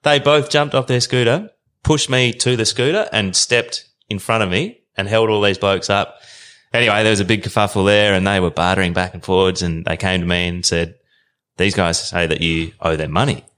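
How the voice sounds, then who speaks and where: Deep-voiced Australian man telling a yarn. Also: moderate pace. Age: 30s. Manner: animated, colloquial yarn-spinner. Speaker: podcast guest. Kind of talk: casual storytelling.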